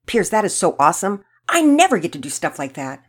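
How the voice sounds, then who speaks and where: A woman voicing a loud, excitable schoolboy who is a brash joker and shouts his lines. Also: lowish voice, fairly quick. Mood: excited.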